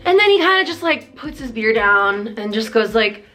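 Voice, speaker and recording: A woman's voice: fairly high pitch, sing-song, fairly quick, hardly any pauses, fairly bright tone, soft background music. A woman in her twenties telling a dating story to camera, acting out both sides of the conversation. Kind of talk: storytime vlog.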